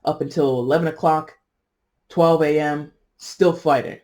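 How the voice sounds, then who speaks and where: Chatty tarot reader with a mellow voice. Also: medium pitch, fairly even intonation, unhurried. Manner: chatty and digressive, with frequent asides and "you know"; laughs at own jokes. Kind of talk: casual tarot reading monologue.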